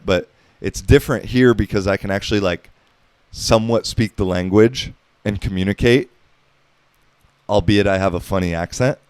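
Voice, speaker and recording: A man's voice: on the low side, a little mellow, clear, resonant tone, no echo. An American man in his thirties hosting a podcast, rambling casually with lots of profanity and filler words. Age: 30s. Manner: laid-back, profane, heavy on filler words. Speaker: podcast host.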